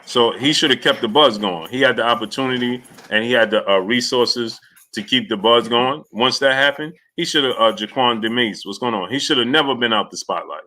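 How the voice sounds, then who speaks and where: Bright-voiced man hosting a casual stream. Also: medium pitch, a little fast. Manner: loose and rambling, with many filler sounds and restarts. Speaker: boxing talk show host. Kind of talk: casual live-stream chat, greeting viewers by name.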